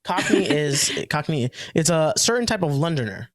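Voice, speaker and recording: A man hosting a podcast in casual chat, loud, joking and full of slang. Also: on the high side, very animated, normal speed. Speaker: podcast host.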